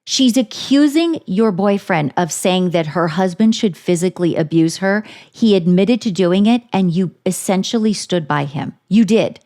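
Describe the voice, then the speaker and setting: A woman's voice: fairly low pitch, expressive, moderate pace, few pauses, mellow. A woman co-hosting a podcast, ranting in a heated, profane casual chat. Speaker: podcast co-host.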